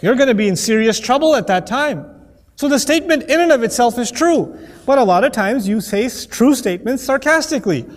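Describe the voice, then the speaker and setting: A man with a fairly high voice gives an animated, playful lecture on Quranic Arabic. He slips into quoted voices to make a point. The sound carries a long hall reverb. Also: a little fast. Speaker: Quran teacher.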